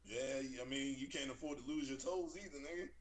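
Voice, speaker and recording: A man's voice: medium pitch, brisk, slight background noise. A man co-hosting a casual chat, teasing bluntly and swearing freely.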